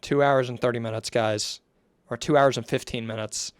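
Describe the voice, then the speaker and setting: A man reads a long document aloud for his audience, breaking off into casual, apologetic asides. He stumbles over lines and corrects himself. His voice is smooth and resonant, and the sound is dry with no room around it. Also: medium pitch, steady tone, moderate pace, no room sound. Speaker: commentator reading a document on stream.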